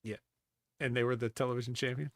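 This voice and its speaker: A man's voice: medium pitch, little pitch movement, fast, dry recording. A man co-hosting a casual wrestling podcast, adding dry, wry remarks. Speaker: podcast co-host.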